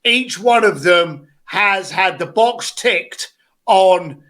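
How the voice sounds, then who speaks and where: Brief: high, bright-voiced male coach, blunt and animated, video call. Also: slow. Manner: blunt, animated, acts out quotes. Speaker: business coach.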